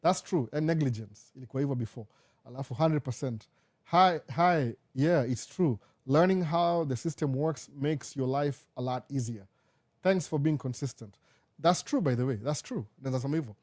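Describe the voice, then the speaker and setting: A man's voice: a little high, lively intonation, moderate pace, darkish tone. A young Kenyan man with a Kenyan accent, hosting a casual live Q&A chat and switching back and forth between Swahili and English. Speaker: live show host.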